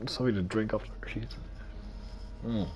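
A man giving casual, excitable gameplay commentary, thinking aloud and swearing often, his throat a little strained. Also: fairly low pitch, measured pace, background noise. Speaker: gaming let's-player.

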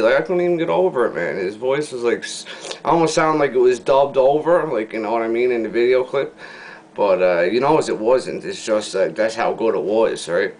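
A man with a Newfoundland accent ranting casually to camera in a video response, full of slang, rambling, sliding from low mutters into loud excited bursts. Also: a little fast, slight background noise. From Newfoundland, Canada. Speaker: vlogger.

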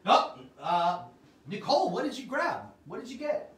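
A man hosts a livestream sales show with lively salesman patter, calling out to his viewers. His voice sits high. The sound is roomy and picked up from a little way off the mic. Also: normal speed, recorded from a distance. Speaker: host. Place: Arizona.

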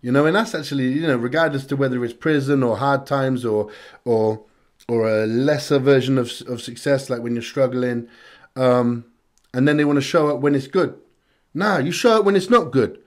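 British man, music reaction host, casual chat, reflective, earnest, mid pitch. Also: steady tone, moderate pace, darkish tone. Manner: earnest, reflective, repeats phrases for emphasis.

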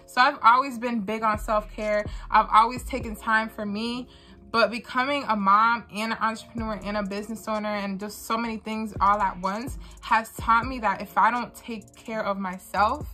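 A woman's voice: on the high side, sharp tone. A young woman and small business owner talking candidly in a vlog, earnest and repeating phrases for emphasis.

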